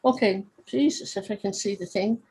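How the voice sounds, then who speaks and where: A woman's voice: mid-range voice, normal speed, mellow, breathy edge, poor audio. A woman with a Cork accent, an author chatting over a video call, rambling with lots of asides. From Ireland. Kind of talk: casual conversation.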